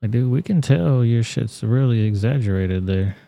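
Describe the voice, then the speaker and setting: A man's voice: medium pitch, moderate pace, gravelly, dark tone, no echo. A man hosting a casual livestream, reacting to videos and reading chat with crude, blunt, profane talk. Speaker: livestream host.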